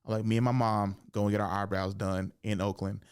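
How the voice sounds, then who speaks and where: A man's voice: on the low side, flat delivery, fairly quick, clean tone. A young man hosts his own podcast, telling loose, profane stories alone and laughing as he acts out the people in them. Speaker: podcast host. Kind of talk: casual storytelling monologue.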